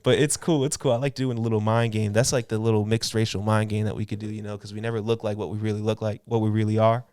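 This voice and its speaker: A man's voice: fairly low pitch, little pitch movement, fast talker, hardly any pauses, a little mellow, clean tone, dry recording, clean studio sound. A man in his twenties chatting casually as a podcast guest, laid-back and rambling with lots of fillers. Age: 20s. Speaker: podcast guest, clothing designer. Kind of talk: casual chat.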